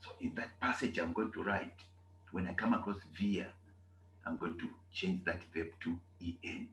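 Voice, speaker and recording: A man teaching a German language class, explaining slowly with drawn-out, repeated examples. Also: sits low, fairly bright tone, echoey room, slight background noise, poor audio. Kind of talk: classroom lesson.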